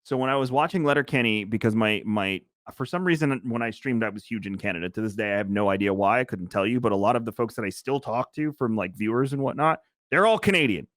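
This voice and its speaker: A man's voice: on the low side, lively intonation, quick pace, hardly any pauses, fairly bright tone, no echo, studio quality. A man co-hosting a podcast, chatting casually and enthusiastically recommending a show in a rambling way. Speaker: podcast co-host. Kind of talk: casual chat.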